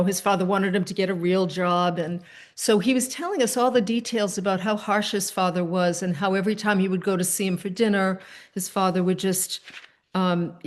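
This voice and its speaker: Woman telling a story on a video call. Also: mid-range voice. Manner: animated storyteller, quick asides, soft fillers. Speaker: host. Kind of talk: casual storytelling chat.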